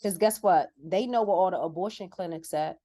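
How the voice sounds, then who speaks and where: A woman guest on a talk show, speaking with passion and swinging between loud outbursts and quiet remarks. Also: fairly low pitch, a little fast. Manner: impassioned, preachy, swings loud and soft. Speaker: guest co-host. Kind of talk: casual talk-show chat.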